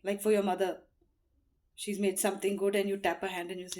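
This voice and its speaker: A middle-aged woman talks earnestly and unhurriedly, giving heartfelt advice. She fills her pauses with "you know", and her voice sits at a medium pitch. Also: steady tone, a little mellow. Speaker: motivational speaker.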